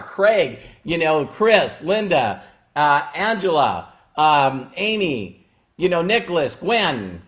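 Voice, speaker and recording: A man's voice: sits high, lively intonation, slow pace, a bit bright. A man hosting a motivational live stream, speaking emphatically and repeating key phrases with emotion. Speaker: livestream host.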